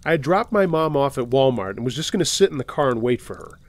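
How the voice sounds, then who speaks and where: A man hosting and reading submitted true scary stories aloud, steady, with dry sarcastic asides. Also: mid-range voice, quick pace. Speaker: host and narrator.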